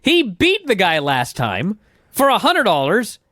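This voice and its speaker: A man telling a wrestling story to his co-hosts, swearing freely and acting out every quote. His voice sits a little high and swings widely in pitch. The sound is dry and close. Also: a little slow, no echo. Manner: animated storyteller, swears often, acts out quotes. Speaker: podcast co-host. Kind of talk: casual wrestling recap chat.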